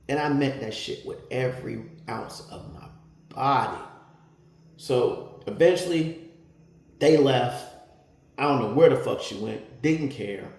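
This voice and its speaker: A man tells his story casually, blunt and heavy with profanity, his voice rough with a gravelly edge. His words ring off the walls of an echoey room. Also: mid-range voice, normal speed, darkish tone. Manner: blunt, profane, gets heated retelling an argument. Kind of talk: casual first-person storytelling.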